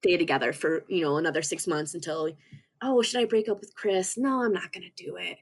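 A young woman appearing as a podcast guest tells an emotional personal story in a husky, lowish voice. She speaks earnestly but haltingly, restarting often.

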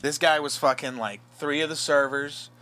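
A man's voice: fairly high pitch, steady tone, normal speed, bright, forceful tone. A man telling rambling, self-mocking stories on a podcast, swearing constantly. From Los Angeles area. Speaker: podcast host. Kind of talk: casual storytelling chat.

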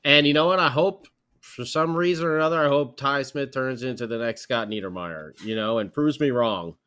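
Podcast co-host: man, bright voice, sarcastic, exasperated rants. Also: medium pitch, fairly quick, clean tone. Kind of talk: casual sports podcast chat.

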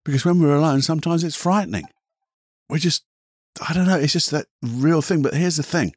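Gentle rambling male therapist, husky. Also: on the high side, fairly quick, no echo, clean studio sound. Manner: gentle, rambling, self-correcting. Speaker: therapist podcast host. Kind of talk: reflective podcast monologue with guided imagery.

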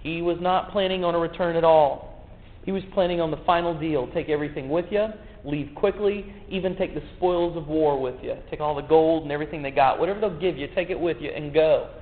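A man's voice: fairly high pitch, brisk. A man preaching a sermon in a folksy, joking way, full of rhetorical questions. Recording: echoey hall, tinny phone-like sound.

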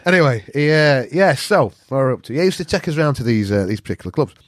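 A middle-aged Yorkshire man talking as a podcast guest, recorded dry and close with no room sound. He spins his stories bluntly and swears freely, keeping the chat lively. His voice sits in an ordinary middle pitch for a man. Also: fast talker, dry recording. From England. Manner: profane, blunt, animated storyteller. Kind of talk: casual storytelling chat.

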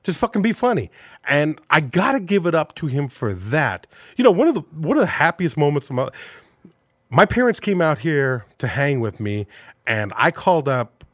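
A man's voice: a little high, very animated, normal speed, fairly bright tone, no echo, clean studio sound. A man in his forties, a stand-up comedian, telling rambling, profane stories in a casual podcast chat. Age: 40s.

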